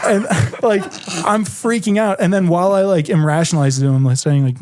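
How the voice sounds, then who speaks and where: Animated young man with a mellow, dry voice. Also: high voice, a little fast, dry recording. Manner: animated storyteller, heavy "like" filler. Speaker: podcast guest. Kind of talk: casual chat.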